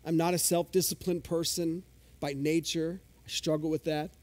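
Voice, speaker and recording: A male pastor with a fairly high, mellow voice delivers a sermon in a relaxed, chatty way. He pokes fun at himself and gets eager when he explains the Greek words behind a verse. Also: normal speed. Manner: conversational, self-deprecating, explains Greek words with excitement.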